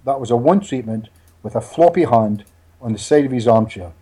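A man speaking as a hypnotherapist guest in a casual interview, an animated storyteller who laughs often and repeats his words. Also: medium pitch, brisk, slightly rough.

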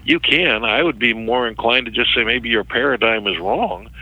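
A middle-aged man, a ministry worker, recounting a story as an interview guest in a halting way, often repeating words. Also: medium pitch, no echo, narrow, tinny audio.

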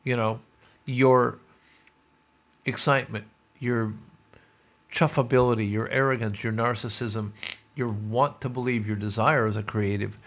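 A man's voice: mid-range voice, fairly even intonation, unhurried, long pauses, fairly bright tone. A man hosting a podcast, reading a news story aloud and breaking off for wry, sardonic asides. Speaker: podcast host.

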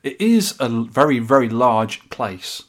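A man's voice: mid-range voice, animated, unhurried. A man co-hosting a podcast, chatting enthusiastically and casually, often restarting his sentences. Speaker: podcast co-host. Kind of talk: casual chat.

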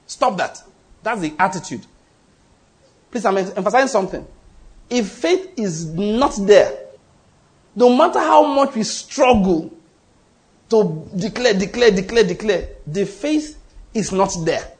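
A man preaching a sermon in an emphatic, animated way, often repeating his points and acting out quoted voices. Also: high voice, normal speed. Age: adult, goes to the gym.

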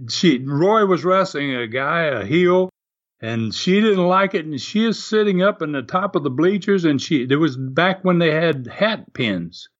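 An older man, a former wrestler telling animated stories in an interview and laughing often. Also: fairly high pitch, a little slow, highs cut off. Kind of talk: storytelling interview.

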